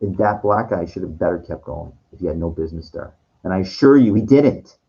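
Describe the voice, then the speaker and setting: A streamer speaks in a low, dark-toned, expressive voice, a little fast, on a muffled recording. He rambles with restarts and swearing, at times performing other people's words in acted voices.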